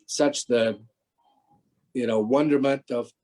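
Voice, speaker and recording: Older man, guest on a video call, warm low-key tone, rambling anecdotes. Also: normal speed, poor audio. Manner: rambling, many restarts. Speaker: guest, former stunt performer. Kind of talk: casual interview anecdotes.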